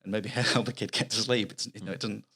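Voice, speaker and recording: A man's voice: fairly low pitch, steady tone, fast, pushed and bright, slightly rough. A middle-aged man with a Mancunian accent, chatting earnestly as a guest author in a casual podcast interview. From Manchester, England. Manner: chatty, earnest, explains at length with restarts.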